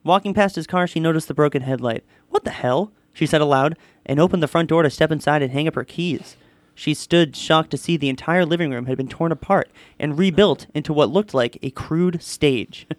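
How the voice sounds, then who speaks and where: A man co-hosting a podcast, reading a listener's story aloud in an animated way. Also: a little high, a little fast, no echo. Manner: animated reading, often breaking into laughter. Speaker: podcast co-host.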